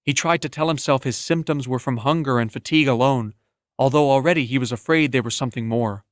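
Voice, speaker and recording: A man narrating an audiobook in a steady, even storytelling manner, close to the mic. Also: mid-range voice, quick pace, no echo. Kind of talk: scripted narration.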